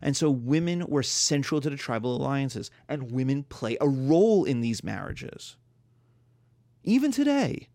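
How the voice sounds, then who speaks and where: A man teaching a history class in a lecture style, telling lively stories and acting out little scenes. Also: mid-range voice, vocal fry, no room sound. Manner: animated storytelling, acts out quarrels in voices.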